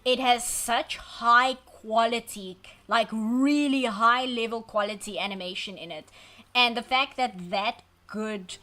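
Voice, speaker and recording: A woman's voice: on the high side, a little slow, sharp tone. Chatty woman streaming as she draws. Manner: chatty, wry, self-deprecating rambling; reads and answers chat messages. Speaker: art streamer. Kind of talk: casual chat while drawing on stream. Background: faint background music.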